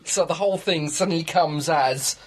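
A man co-hosting a casual commentary podcast, reflective, with halting restarts and frequent laughs. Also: on the high side, over loud music. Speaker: podcast co-host.

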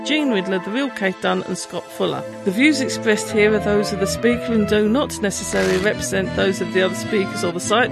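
A woman co-host reading a scripted podcast outro in a brisk announcer manner. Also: medium pitch, vocal fry. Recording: loud music bed under voice.

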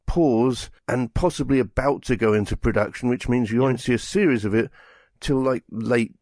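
A man's voice: medium pitch, normal speed, dry recording, studio quality. A man in his fifties chatting casually as a podcast co-host, telling rambling stories and acting out quotes. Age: 50s. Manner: rambling, animated storytelling with acted-out quotes. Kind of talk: casual chat.

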